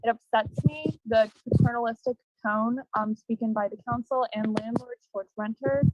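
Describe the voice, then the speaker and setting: Woman, public commenter, earnest, hesitant, slightly high-pitched, dull lo-fi video call audio. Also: steady tone, moderate pace, soft background music. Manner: earnest, hesitant, many ums.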